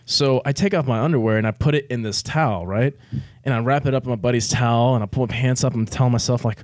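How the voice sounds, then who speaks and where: A man's voice: mid-range voice, fast talker, few pauses, no room sound. Chill guy telling a crude story, swears a lot, laughs through it, dry close mic. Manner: laid-back, profane, laughs often through his words. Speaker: military veteran guest telling a story. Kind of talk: casual storytelling on a podcast.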